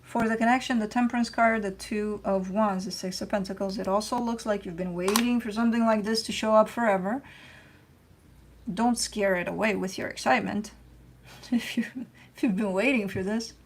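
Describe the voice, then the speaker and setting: A woman's voice: medium pitch, steady tone, moderate pace. A woman hosting a casual spoken tarot reading. She talks in a loose, chatty way with slang and the odd curse, and repeats herself when she coaches and reassures. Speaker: tarot reader hosting her channel.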